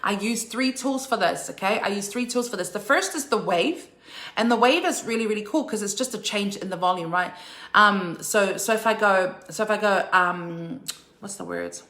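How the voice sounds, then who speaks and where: A woman's voice: medium pitch, big pitch swings, moderate pace, a bit bright, echoey room. A woman giving a live online singing lesson in an upbeat way, often checking in with her listeners. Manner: upbeat, checks in with "okay?" and "right?". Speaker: singing teacher.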